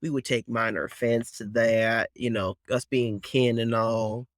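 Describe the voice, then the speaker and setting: A man's voice: mid-range voice, steady tone, measured pace, dry recording, clean studio sound, close to an everyday voice. A man voicing a bearded male gnome druid who talks in a folksy drawl and grumbles about mages, in a tabletop role-play. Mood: folksy grumbling.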